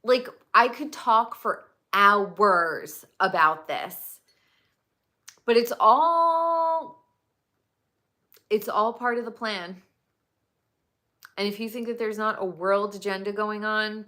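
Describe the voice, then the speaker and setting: A woman with a bright, forceful voice hosts her own livestream. She rambles through an opinionated casual chat and keeps dropping in "like". Her delivery is slow and drawn out. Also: on the low side. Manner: rambling and opinionated, full of "like" fillers. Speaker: livestream host.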